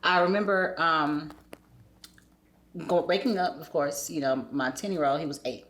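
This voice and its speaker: A woman's voice: deep voice, normal speed, a bit bright. A woman speaking candidly as a podcast guest, telling a personal story and acting out remembered dialogue in shifting voices.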